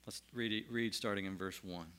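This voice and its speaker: Bright-voiced male pastor preaching. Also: on the low side, fairly even intonation, moderate pace, smooth. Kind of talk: sermon with scripture reading.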